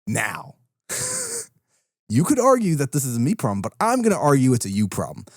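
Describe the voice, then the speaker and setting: A man's voice: mid-range voice, wildly swooping pitch, normal speed, husky, no echo, studio quality. A man co-hosting a podcast in casual chat, ranting with plenty of swearing and laughter. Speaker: podcast co-host.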